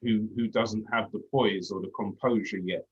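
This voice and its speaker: A man's voice: fairly low pitch, fairly even intonation, normal speed, husky. A man in his thirties from London with a Cockney accent, a former police officer talking earnestly and reflectively in a casual discussion. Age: 30s. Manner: earnest, reflective, with frequent restarts. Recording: dull lo-fi audio.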